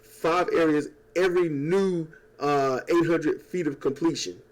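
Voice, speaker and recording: Man, somewhat high voice, rambling profane rant, sarcastic, home recording on an old mic. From United States. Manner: rambling, profane and sarcastic, with quick mocking impressions. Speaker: YouTuber. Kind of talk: casual political rant. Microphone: old desk microphone.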